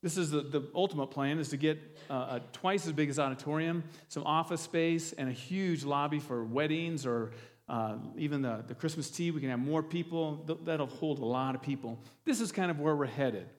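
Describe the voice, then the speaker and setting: A pastor delivering a sermon in a church, talking loosely with restarts and fillers and an earnest tone. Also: male voice, on the high side, moderate pace, long reverb tail. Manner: earnest, gets emotional near the end.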